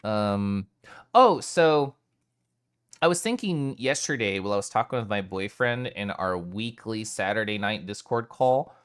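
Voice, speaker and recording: A man streaming live, chatting casually with his viewers in an animated way and swearing now and then. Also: fairly low pitch, a little slow, smooth.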